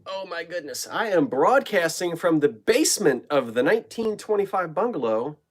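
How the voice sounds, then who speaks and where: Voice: medium pitch, animated, normal speed. A middle-aged host from New Jersey, chatting casually on a live stream from a home basement and greeting viewers by name.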